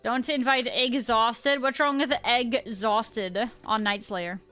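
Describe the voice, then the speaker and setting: A woman's voice: on the high side, fairly even intonation, slow pace, bright, forceful tone, soft background music. A woman in her thirties, a little tipsy, chatting playfully with her viewers while livestreaming a game, giggling often. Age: 30s. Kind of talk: casual gaming livestream chat.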